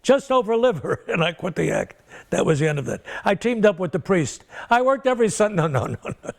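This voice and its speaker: A man's voice: high-pitched, sing-song, moderate pace, vocal fry. Older man telling rambling comic stories. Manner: rambling comic storyteller who acts out the people in his stories. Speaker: comedian being interviewed. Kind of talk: anecdotal career storytelling.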